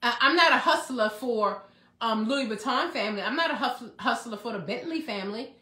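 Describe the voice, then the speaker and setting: A high, bright-voiced woman speaks with the fire of a preacher, asking rhetorical questions and circling back to her points. Her voice rings a little in an echoey room. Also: animated, brisk. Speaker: self-help speaker. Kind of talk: motivational preaching talk.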